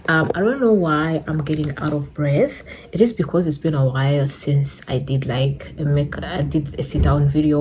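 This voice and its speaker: A woman's voice: low-pitched, mellow, slight background noise. A young woman beauty vlogger chatting casually while doing her makeup, a bit out of breath and rambling with fillers. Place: indoors at home, sit-down filming. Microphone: camera in front of her.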